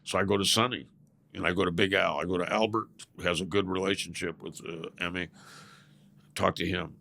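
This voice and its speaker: A man's voice: sits low, fairly even intonation, brisk, gravelly, bright, forceful tone. An older man from California, a podcast guest telling blunt, profane stories in a casual interview and chuckling as he goes.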